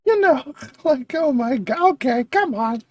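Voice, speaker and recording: A woman hosting a reaction video, thinking aloud with excitable chatter and frequent laughs. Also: sits high, measured pace, over music.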